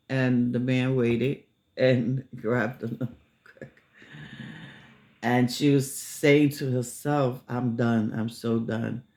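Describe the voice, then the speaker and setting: A man telling a story casually, unhurried, with many filler pauses. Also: mid-range voice, a little mellow.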